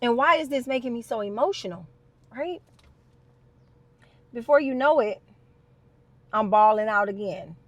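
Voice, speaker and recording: Chatty high-voiced woman telling a story. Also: unhurried, long pauses, no echo. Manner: animated, chatty, addresses viewers as y'all. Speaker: storyteller vlogger. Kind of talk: casual story time.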